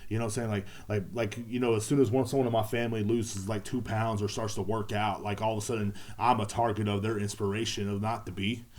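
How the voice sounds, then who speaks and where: A man's voice: fairly low pitch, little pitch movement, quick pace, few pauses, a little mellow. A man hosting a podcast, rambling casually with lots of profanity and repetition. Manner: profane, repetitive, laid-back. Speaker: podcast host.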